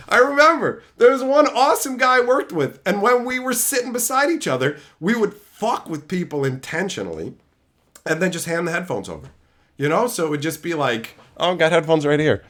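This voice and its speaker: A man's voice: high voice, moderate pace. A man telling brash, profane stories in a casual stream chat. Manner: profane, brash, animated storytelling.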